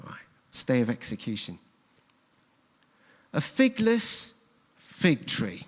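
A man's voice: mid-range voice, wildly swooping pitch, slow, long pauses, husky. A man preaching a sermon in a church, telling the story earnestly and repeating his key phrases for emphasis. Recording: long church hall reverb.

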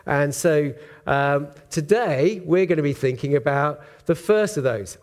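A man preaching a sermon in church, in a relaxed conversational way with frequent ums and uhs. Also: fairly high pitch, measured pace, few pauses. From Britain. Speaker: pastor.

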